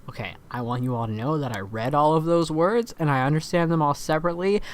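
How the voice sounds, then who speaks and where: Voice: mid-range voice, fast. Wry let's play host reading a game aloud. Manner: wry, self-mocking asides between read-out lines. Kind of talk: reading a dating-sim game aloud with asides.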